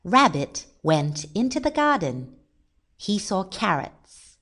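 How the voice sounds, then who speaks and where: Casting: patient woman reading a picture book aloud, slow and melodic. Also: medium pitch, sing-song, fairly bright tone. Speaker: storybook reader. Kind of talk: reading a children's story aloud.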